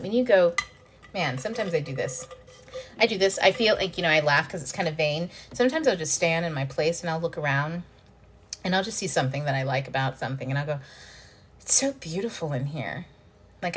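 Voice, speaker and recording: A woman talking through spiritual self-help ideas in a relaxed, conversational way. She swears freely and slips into quick acted-out exchanges with herself. It sounds like an informal late-night chat with viewers. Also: medium pitch. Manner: loose and profane, acts out inner dialogue. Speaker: self-help channel host. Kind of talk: casual spiritual coaching talk.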